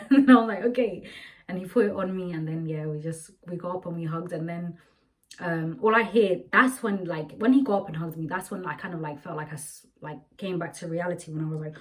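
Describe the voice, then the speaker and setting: A woman's voice: on the low side, brisk, low-quality recording. A young woman telling a personal story to her viewers in a chatty, rambling vlog style, full of fillers. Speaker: vlogger. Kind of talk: casual storytelling to camera.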